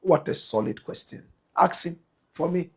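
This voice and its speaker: A man with a Ghanaian English accent hosting a talk show, reading out viewer comments and answering them, swinging between loud outbursts and low muttered asides. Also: lively intonation, normal speed, husky. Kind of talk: animated commentary.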